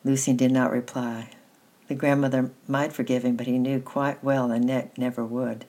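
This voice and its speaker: A woman reading a children's novel aloud in a steady, gentle storytelling manner, with a husky voice. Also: rumbling low, normal speed. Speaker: reader.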